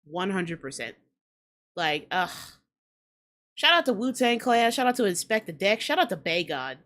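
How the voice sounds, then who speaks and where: A woman's voice: medium pitch, very animated, normal speed, a bit bright. A woman hosting a hip-hop commentary show, talking in a blunt, profane, ranting way and repeating lines for emphasis. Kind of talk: casual commentary rant.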